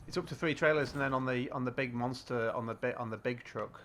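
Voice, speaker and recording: A British man chats loosely and mutters to himself while he plays a game on a live stream. His voice sits at a middling pitch with a gravelly edge, and a steady hiss of background noise runs beneath it. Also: quick pace. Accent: British English. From Britain. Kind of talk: casual live-stream commentary.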